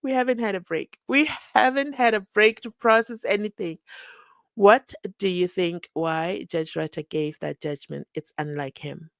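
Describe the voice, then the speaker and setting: A young woman talks straight to camera, sarcastic and chatty as she riffs on court news. Her voice sits at a middle pitch and sounds dry and close, with no room around it. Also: measured pace, vocal fry, no room sound. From Namibia. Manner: chatty, sarcastic, acts out the people she quotes. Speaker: commentary channel host. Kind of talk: casual commentary on a court trial.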